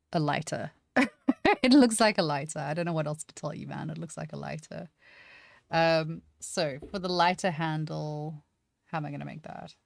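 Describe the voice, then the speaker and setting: Working through a 3D sculpting lesson on a live stream, a woman talks things out aloud in a chatty, self-deprecating way. Her voice sits low, with no echo.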